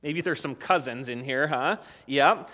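A man leading a children's sermon as a pastor, gentle and encouraging, often restarting his sentences. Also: medium pitch, unhurried, big-room sound. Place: church sanctuary.

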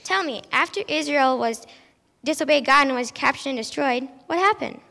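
A woman playing a stern but kindly male prophet who declaims slowly in an amateur stage play. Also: high voice, lively intonation, pushed and bright, exaggerated voice. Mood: gently chiding. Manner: slow, declaiming, preachy. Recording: long hall reverb.

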